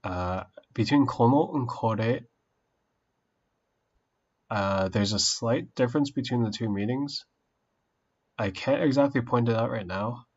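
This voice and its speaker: A man casually streaming his study session, thinking aloud slowly with many pauses and fillers. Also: mid-range voice, breathy edge, highs cut off.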